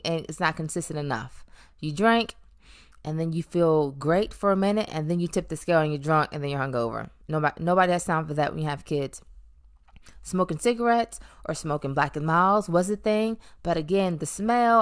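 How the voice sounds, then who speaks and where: A woman in her thirties telling her own story in a candid, reflective way, with playful emphasis and frequent ums. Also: on the low side. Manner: reflective and conversational, with playful emphasis and many um fillers. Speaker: vlogger sharing her weight-loss story. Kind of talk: candid personal monologue.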